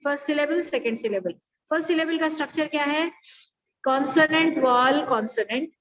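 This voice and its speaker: A woman's voice: sits high, racing, a bit bright, low-quality recording. A woman teacher giving a phonetics lecture, explaining rules step by step and checking that students follow.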